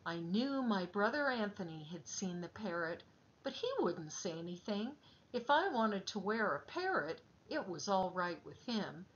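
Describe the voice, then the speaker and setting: A woman reading a children's story aloud in a gentle, expressive way. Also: mid-range voice, unhurried, muffled recording.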